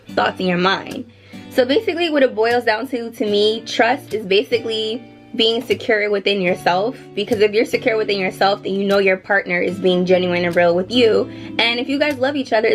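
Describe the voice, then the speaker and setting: A woman's voice: mid-range voice, a bit bright, poor audio. A young woman vlogging casual relationship advice, rambling with many fillers, her mouth numb so her words slur a little. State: numb mouth, slightly slurred. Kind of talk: casual advice talk to camera.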